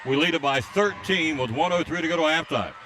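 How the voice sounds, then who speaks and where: A man calling a high school basketball game play by play from courtside, reading out scores and listener greetings. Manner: rapid excited calls during fast plays, reads out listener greetings. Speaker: play-by-play announcer. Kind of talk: live basketball play-by-play commentary. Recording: faint crowd noise at a game.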